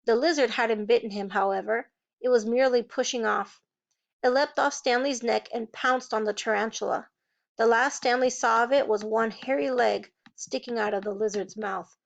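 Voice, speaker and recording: A woman's voice: a little high, normal speed, creaky, dull audio. A woman reading a novel aloud, changing her voice to play each character. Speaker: reader.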